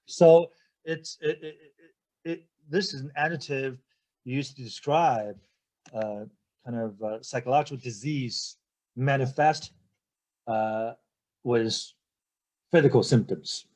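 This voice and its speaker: Slow, mellow-voiced male teacher. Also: medium pitch. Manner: spells words letter by letter and checks in with "okay?" and "right?"; hesitant, many fillers and restarts. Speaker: English teacher. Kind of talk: recorded vocabulary lecture.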